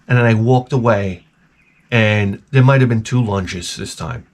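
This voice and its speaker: A man hosting his own video, telling a rambling, profane story in an animated, casual way. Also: medium pitch, a little slow, long pauses. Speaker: video host.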